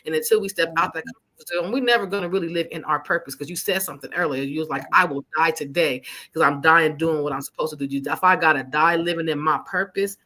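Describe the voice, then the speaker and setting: Bright-voiced effusive woman host. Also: low voice, fast talker, few pauses. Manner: effusive, emotional, animated storytelling. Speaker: podcast host. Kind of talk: casual heartfelt interview chat.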